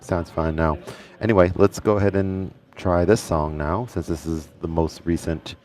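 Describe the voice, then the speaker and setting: A man hosting a casual music livestream, thinking out loud and chatting with viewers in the comments. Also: low voice, fairly even intonation, normal speed. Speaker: livestream host.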